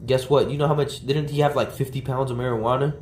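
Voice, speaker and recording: A man's voice: mid-range voice, fairly even intonation, quick pace, darkish tone, a little hiss or hum. A man livestreaming outdoors, ranting in a rambling, agitated and profane way. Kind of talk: ranting IRL stream talk. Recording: roomy, from the mic, faint ambience.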